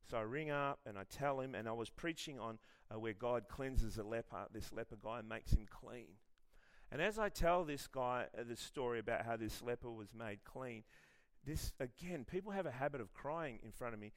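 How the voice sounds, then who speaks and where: A middle-aged Australian man preaching a sermon in a lively, conversational way, telling personal stories with self-deprecating humour. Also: mid-range voice, normal speed. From Western Australia. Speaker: pastor.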